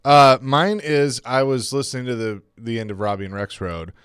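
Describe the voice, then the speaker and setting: A man co-hosts a sports radio show with an upbeat, brisk delivery. His voice is smooth and resonant. He is miked close in a dry studio. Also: medium pitch, a bit bright, no room sound. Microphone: studio microphone with headphones.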